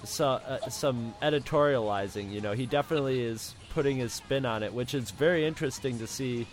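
A man co-hosts a relaxed conversation, working through his points haltingly with frequent fillers and restarts. His voice sits at an ordinary middle pitch. The delivery stays casual and unpolished. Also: very noisy. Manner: hesitant, many fillers and restarts. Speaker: podcast co-host. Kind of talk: casual chat.

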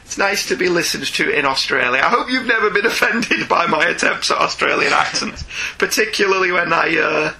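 A man from Ireland co-hosts a casual podcast and reads listener emails aloud, often breaking into laughter. His voice is very bright and forward, sitting a little high for a man. A sore throat roughens it. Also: lively intonation, a little fast, few pauses, poor audio. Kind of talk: casual chat.

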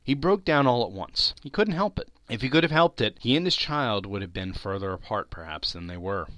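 A man giving a dramatic reading of a classic novel, telling the story with lively expression. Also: medium pitch, a little fast, no echo. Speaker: reader.

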